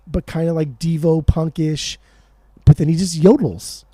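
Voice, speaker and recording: A man co-hosting a music podcast, talking in quick, excitable bursts and swearing freely. His voice sits a little high but sounds mellow and warm. The recording is dry and close. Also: husky, no echo. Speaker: podcast co-host. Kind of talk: casual chat about music.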